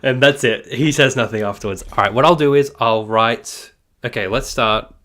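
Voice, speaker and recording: A man's voice: medium pitch, normal speed, a bit bright. Rambling, chatty male live streamer. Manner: rambling, self-interrupting, apologetic and jokey. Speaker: streamer hosting a discussion. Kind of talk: casual live-stream chat.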